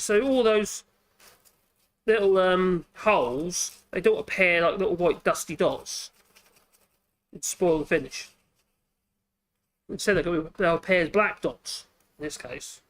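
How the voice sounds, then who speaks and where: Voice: medium pitch, moderate pace, long pauses. A woodworking channel host, chatting casually while demonstrating at the workbench, thinking aloud and correcting themselves as they go.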